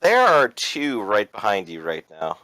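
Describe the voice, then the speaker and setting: A man's voice: fairly low pitch, wildly swooping pitch, measured pace, sharp tone, low-quality recording. A man running a tabletop role-playing game as game master, describing the action in a loose way with many fillers.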